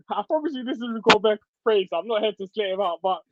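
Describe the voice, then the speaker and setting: A man appearing as a podcast guest, chatting casually and in a relaxed way about basketball. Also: high voice, very noisy. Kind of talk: casual sports chat. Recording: dull, dry sound.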